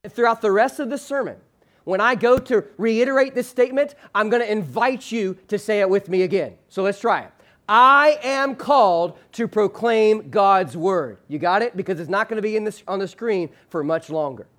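A male pastor preaching a sermon. He leads the congregation in call-and-response, slows hard on the key phrase, and lets his phrase endings drop low and soft. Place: church sanctuary with a screen behind him.

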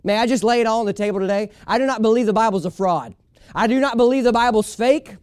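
A man's voice: sits high, fast talker, darkish tone, clear, resonant tone, dry recording, studio quality. A man preaching a sermon as a pastor, emphatic and folksy, repeating his key lines for weight.

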